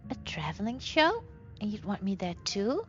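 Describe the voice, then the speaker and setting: A woman's voice: medium pitch, huge pitch swings, moderate pace, a little hiss or hum. A woman voicing a hopeful, wistful young woman in a horror game, speaking in a raised, eager voice. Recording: dull lo-fi sound with game music.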